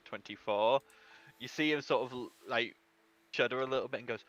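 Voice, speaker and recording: A man's voice: mid-range voice, a little fast, fairly bright tone, no echo. A man narrating as game master, describing scenes in a loose, rambling way.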